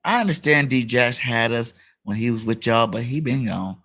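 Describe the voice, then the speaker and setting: A man's voice: medium pitch, normal speed, fairly bright tone. A man hosting a casual football talk stream, hyped and playful, reading chat comments and debating a rival fan. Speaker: show host. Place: online live stream.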